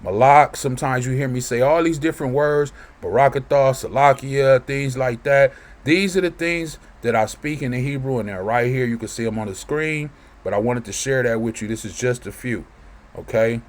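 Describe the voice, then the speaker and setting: A man's voice: mid-range voice, moderate pace. A man teaching from scripture in a loose, conversational way, reading verses aloud and often checking in with listeners. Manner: conversational, keeps asking "right?". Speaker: preacher.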